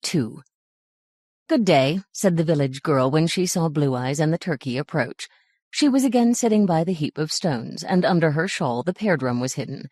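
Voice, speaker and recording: A woman narrating a fairy tale audiobook in a measured, gentle reading. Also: low voice, expressive, no echo, clean studio sound. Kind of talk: scripted storybook narration.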